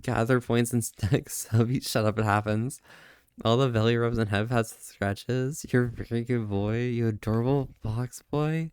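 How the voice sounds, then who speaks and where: A man's voice: mid-range voice, fairly even intonation, a little slow, a little mellow, clear, resonant tone, no echo. Male streamer, casual and flirty, laughs a lot, stammers, dry close sound. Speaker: livestream host. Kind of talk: casual live-stream chat.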